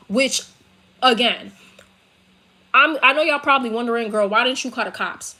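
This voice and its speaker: Her voice is fairly high and sharp, moving at a moderate pace, as a young woman with a New York accent rants a profane, heated story to her laptop. She sits on her bed in her bedroom, recorded through the laptop's built-in mic.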